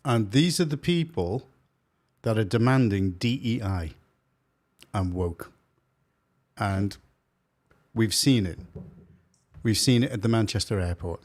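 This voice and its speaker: A man's voice: lowish voice, slow, long pauses, darkish tone. A man co-hosting a casual political chat, asking questions and steering the talk. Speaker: podcast co-host.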